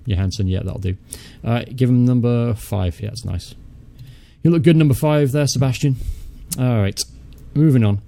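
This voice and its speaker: A man's voice: mid-range voice, moderate pace, vocal fry, warm tone. A young man hosting a casual let's-play, chatty, thinking aloud as he goes, muttering and swearing offhandedly. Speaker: gaming channel host.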